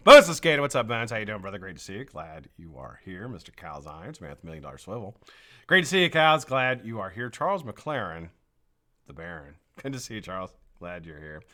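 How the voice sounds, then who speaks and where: A man hosts a live stream, greeting his viewers by name in a bright, forceful voice. His pitch jumps up and down a lot as he talks. He has a frog in his throat. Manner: energetic, greets viewers one by one. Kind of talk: casual live-stream chat.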